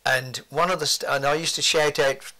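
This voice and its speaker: A man's voice: fairly high pitch, steady tone, moderate pace, bright, forceful tone. An older man, reminiscing forthrightly in an interview with blunt asides.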